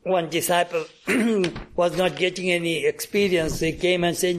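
A man's voice: high-pitched, fairly even intonation, moderate pace. A man giving a devotional talk, telling anecdotes and acting out bits of dialogue, coughing often, with frequent restarts. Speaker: spiritual speaker.

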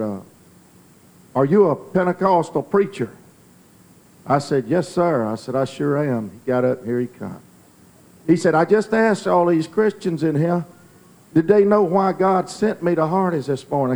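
A man with a Southern US accent preaching a Pentecostal testimony sermon, building from calm storytelling to fervent, near-shouted preaching. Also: medium pitch, vocal fry.

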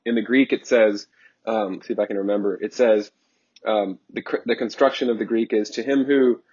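A man's voice: on the low side, steady tone, moderate pace, darkish tone, husky. A male preacher giving an emphatic sermon, repeating phrases for emphasis with frequent ums along the way. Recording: dull lo-fi sermon recording.

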